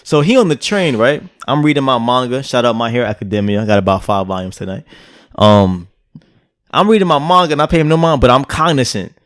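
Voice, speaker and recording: A man spins a loose, rambling story for a podcast, his voice at an ordinary middle pitch. He keeps checking in with his listener as he talks, and the sound is close and dry with no room around it. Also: fast talker, dry recording. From Brooklyn, New York. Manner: loose, rambling anecdote full of "like" and "right?". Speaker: podcast co-host. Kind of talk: casual storytelling chat.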